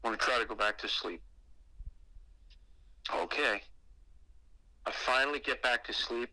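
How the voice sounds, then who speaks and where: A man's voice: medium pitch, measured pace, bright, forceful tone, dry recording, poor audio. A man calling into a podcast to tell a frightening personal ghost story, profane and emphatic. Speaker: guest caller telling a ghost story.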